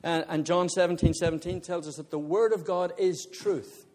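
Male preacher, slightly high-pitched, animated storyteller who laughs and chats with the congregation. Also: normal speed. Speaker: visiting preacher. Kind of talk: sermon with humorous personal story.

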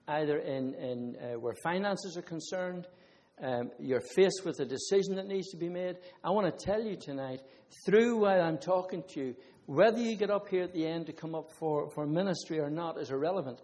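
The speaker is an Irish man with a fairly high, slightly mellow voice, preaching casually and mixing Bible passages with his own testimonies and asides to the congregation. The audio has a long hall reverb.

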